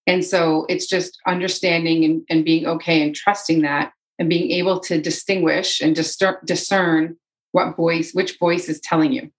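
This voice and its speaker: A woman with a fairly low voice talks through spiritual ideas as a guest on a podcast. She explains earnestly and circles back on her own phrases for emphasis. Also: steady tone, moderate pace, rough recording. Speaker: energy healer, podcast guest. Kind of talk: conversational interview.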